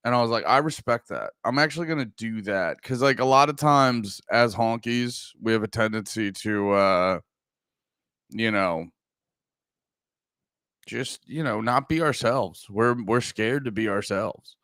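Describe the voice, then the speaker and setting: A man's voice: fairly low pitch, measured pace, a bit bright, no echo, clean studio sound. A man in his thirties from the United States, hosting a casual livestream chat in a rambling, profane way with lots of fillers. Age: 30s. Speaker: livestream host.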